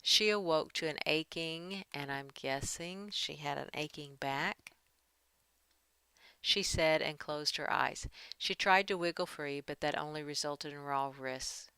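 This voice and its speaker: A woman's voice: low-pitched, unhurried, pushed and bright, smooth, no room sound. A woman giving a writing lesson, talking through edits as she works and reading draft passages aloud. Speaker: writing teacher. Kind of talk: screen-share editing lesson.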